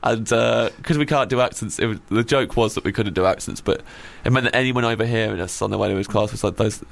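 A man's voice: on the low side, quick pace, gravelly. A man hosting a podcast in a casual comedic chat, laughing often and teasing his guest. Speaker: podcast host.

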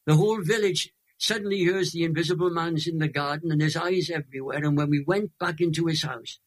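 A Welsh man in his eighties, a guest telling an emotional testimony in a lively, dramatic way. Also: a little high, a little fast. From Wales. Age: 80s.

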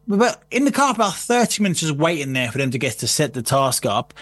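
High-voiced man telling a story. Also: fast, few pauses. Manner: swearing, laughing, animated storytelling. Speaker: guest. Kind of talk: casual storytelling chat.

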